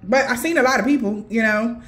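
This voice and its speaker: A woman's voice: fairly high pitch, brisk. A woman intuitive reader telling a dream story in a casual, profane way, with laughing asides. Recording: roomy echo.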